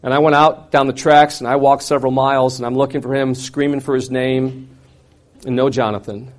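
A middle-aged man telling a personal testimony to an audience, swinging from loud, intense outbursts to quiet, hushed reflection. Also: medium pitch, fairly even intonation, a little fast. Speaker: speaker sharing a personal testimony. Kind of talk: dramatic personal storytelling to an audience.

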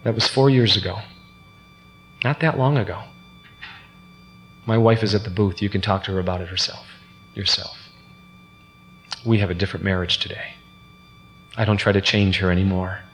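A man's voice: sits low, steady tone, moderate pace, pauses often, fairly bright tone. Earnest man telling his testimony. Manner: earnest storytelling, acts out quotes. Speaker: speaker giving a testimony. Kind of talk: sermon-style personal testimony. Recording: reverberant hall with faint hum.

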